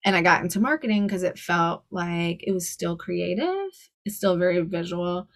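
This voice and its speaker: A woman in her forties, telling stories as a guest in a casual podcast interview, chatty and quick to laugh. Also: on the low side, steady tone. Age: 40s. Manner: chatty, laughs often, storytelling. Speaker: guest style coach.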